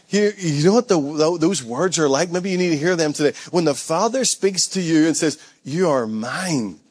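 A man's voice: on the high side, normal speed. A man preaching a sermon as pastor, emphatic and repetitive, with short laughs between points.

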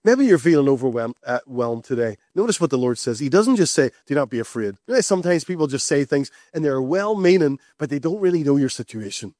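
A man's voice: on the high side, sing-song, fairly quick, hardly any pauses, darkish tone, no room sound, studio quality. A man preaching a sermon in an emphatic, conversational way, repeating key phrases. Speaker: pastor.

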